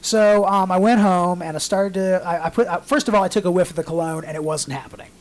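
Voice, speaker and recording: A man's voice: high-pitched, fast. Man spinning a story on a podcast. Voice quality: storytelling, animated voices in quotes, swears freely. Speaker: podcast host. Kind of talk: casual chat.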